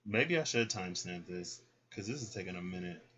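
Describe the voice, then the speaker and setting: A man's voice: low-pitched, animated, fairly quick, fairly bright tone. A man giving a casual card reading, chatty and thinking aloud as he goes. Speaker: card reader. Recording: dull lo-fi recording.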